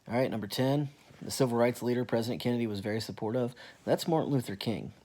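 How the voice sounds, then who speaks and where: A man's voice: mid-range voice, quick pace, mellow. A man teaching history in a casual, rambling way, with frequent ums and self-corrections as he walks students through the material. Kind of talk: recorded lesson walkthrough.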